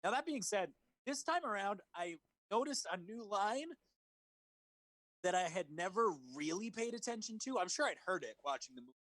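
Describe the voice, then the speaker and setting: Man, podcast co-host, casual chat, big swings in pitch, dry close sound, remote call. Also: moderate pace, no echo. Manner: animated, swearing, laughs, mimics lines. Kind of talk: casual movie review chat. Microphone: remote call recording.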